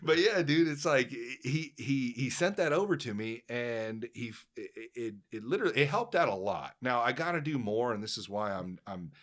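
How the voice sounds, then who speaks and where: A man's voice: mid-range voice, lively intonation, moderate pace, few pauses, a bit bright. A man hosting a podcast, talking in a loose, profane, rambling way with lots of fillers. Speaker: podcast host. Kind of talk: casual chat.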